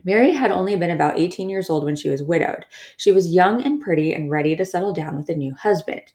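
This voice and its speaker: Wry, lower-voiced woman telling history. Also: animated, quick pace, warm tone. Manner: wry, sarcastic asides. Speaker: history podcast host. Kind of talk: casual scripted history narration.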